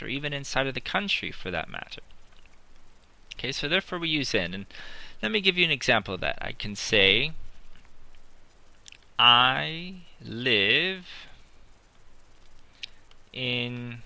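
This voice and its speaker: A man teaching English in a slow, deliberate classroom style, repeating his examples while writing them on a board. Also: medium pitch, sharp tone. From not British.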